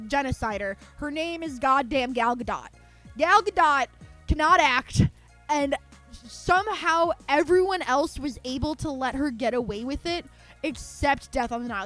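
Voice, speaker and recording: A woman's voice: high-pitched, fairly bright tone. A woman streaming live, ranting in a heated, profane way and swearing freely. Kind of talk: live-stream movie rant.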